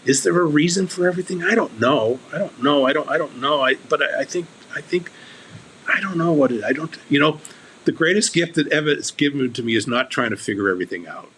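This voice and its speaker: A man's voice: on the high side, expressive, fast, fairly bright tone, a little hiss or hum, low-quality recording. A man speaking as a guest on a recovery podcast, earnest and candid, often restarting and repeating his words.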